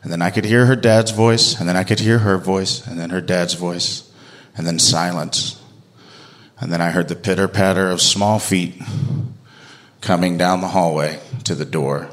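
A man telling a personal story to an audience in an animated, comic, self-mocking way. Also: deep voice, normal speed.

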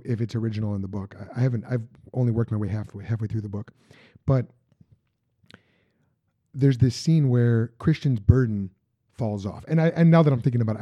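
A man hosting a podcast, chatting casually and haltingly, often restarting sentences. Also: medium pitch, mellow, dry recording. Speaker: podcast host. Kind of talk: casual interview chat. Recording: dull lo-fi sound.

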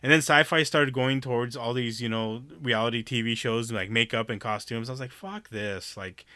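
A man talks loosely about shows he likes. He rambles, swears freely and laughs often. His voice is bright and the sound is dry. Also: medium pitch, fairly even intonation, fairly quick, no room sound. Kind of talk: casual chat about TV shows.

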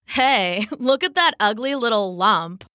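A woman's voice: mid-range voice, expressive, unhurried, a bit bright, no room sound, clean studio sound. A woman voicing a vain, mocking female cheetah who talks in a sneering, purring way.

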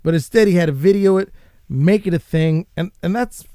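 A man hosting a casual show, ranting and swearing in a rambling, animated way. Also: high-pitched, fairly quick, no echo, studio quality. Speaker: podcast host.

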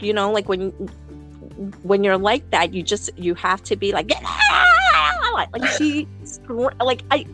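A woman chats bluntly as a podcast co-host. She talks in a fairly high voice, swears freely and circles back with fillers and false starts. Soft music plays faintly in the background. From New York City. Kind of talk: casual chat.

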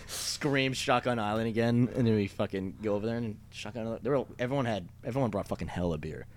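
Fast-talking young man rambling a story. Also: on the low side, a little hiss or hum. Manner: rambling, many fillers and profanity. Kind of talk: casual chat.

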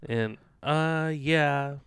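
Man, casual podcast chat, rambling storyteller, smooth voice, dry close sound. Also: a little high, drawn-out words, fairly bright tone, no room sound. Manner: rambling storyteller, many fillers and restarts. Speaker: podcast co-host.

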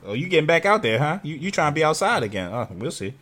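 A man co-hosting a casual sports podcast, talking through plays in a relaxed, easygoing way. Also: a little high, fast. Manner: relaxed, laid-back analysis with fillers. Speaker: podcast co-host.

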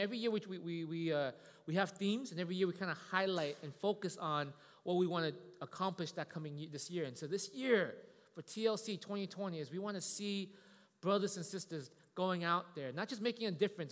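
A man's voice: fairly high pitch, long reverb tail. A man preaching as associate pastor in a church, talking in a casual, friendly way with frequent restarts. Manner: casual, warm-hearted preaching with many restarts. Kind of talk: sermon. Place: church sanctuary.

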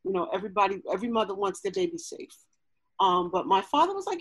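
A woman's voice: medium pitch, very animated, fast, gravelly, slightly rough, dry recording, poor audio. A woman in her forties, talking earnestly about family in a conversation, with frequent fillers and restarts. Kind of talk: personal storytelling in conversation.

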